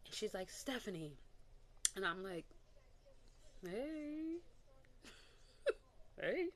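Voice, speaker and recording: Taking it slowly in a mid-range voice, with a little hiss or hum in the background, a young adult woman tells a candid personal testimony for her casual vlog. She animates it by performing people's words and laughing lightly.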